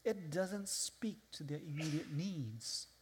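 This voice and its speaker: Slow-talking preacher with a foreign accent. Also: male voice, a little high, animated, a little hiss or hum. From outside the US. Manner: preacher who acts out listeners' voices and quotes scripture. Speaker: guest speaker. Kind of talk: sermon. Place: large hall with a live audience. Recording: long hall reverb.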